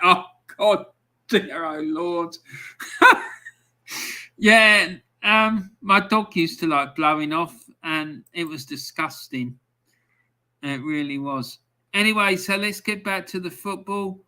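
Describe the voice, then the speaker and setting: Slow-talking Cockney man in his fifties. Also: a little high, pushed and bright. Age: 50s. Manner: rambling anecdotes with many fillers. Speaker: livestream host. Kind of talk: live match-day chat.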